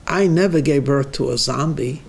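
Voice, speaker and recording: A man's voice: mid-range voice, moderate pace, creaky, slightly rough. A man voicing an older mother firmly scolding her grown son, in a told joke.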